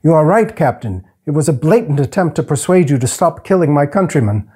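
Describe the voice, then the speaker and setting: Guy doing a polite little healer man, soft formal storybook voice, dark and husky. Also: fairly high pitch, expressive, voice pushed up. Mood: calm, courteous. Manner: formal, soothing, slow and careful.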